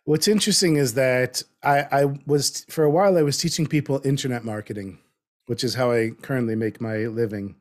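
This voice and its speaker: A man in his fifties talking in a relaxed conversation, reflective and getting animated as he makes a point. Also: medium pitch, a little fast. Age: 50s. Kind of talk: casual conversation.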